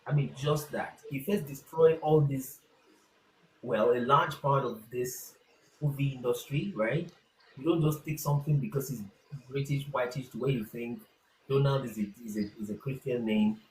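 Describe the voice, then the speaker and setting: A man, a pastor hosting a loose conversation, tells stories and drops into quick quoted asides. His voice carries a noticeable room echo. A faint hiss sits underneath. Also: mid-range voice. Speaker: pastor and host. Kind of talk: casual discussion.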